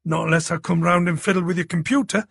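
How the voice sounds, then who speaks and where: A man's voice: high-pitched, steady tone, fast, creaky, a bit bright, husky, no room sound, clean studio sound, full character voice. A man reading an audiobook plays a cheeky young man from the city who teases his friend about computers. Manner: cocky, bantering. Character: cheeky young London tech-savvy man.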